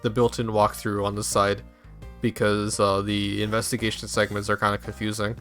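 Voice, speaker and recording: Casual young man on a game stream, low-pitched, easygoing, swears a lot. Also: monotone, normal speed, fairly bright tone, faint music behind. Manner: laid-back, swears casually, laughs often. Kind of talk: casual chat while gaming.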